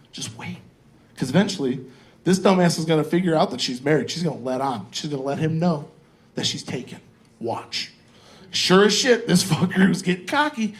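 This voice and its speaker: Guy in his 40s doing stand-up at a comedy club, kinda high voice, crude and loose, riffing with the crowd. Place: comedy club stage with live audience.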